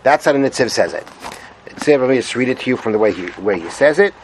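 A man's voice: medium pitch, expressive, fast, slight background noise, rough recording. A man giving a Torah lesson, reading Hebrew sources aloud and translating them, explaining patiently and repeating his points. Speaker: Torah teacher.

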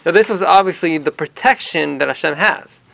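Guy teaching torah class, high gravelly voice, bright and dry, keeps saying right?. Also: brisk, dry recording. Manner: animated explaining, frequent rhetorical "right?"; mixes in Hebrew terms and verse readings.

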